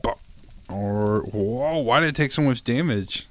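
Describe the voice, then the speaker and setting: A man's voice: mid-range voice, animated, measured pace, slight background noise. A young man commenting on his own gameplay, laughing often, swearing and pleading with the game. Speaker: gaming YouTuber. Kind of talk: let's play commentary.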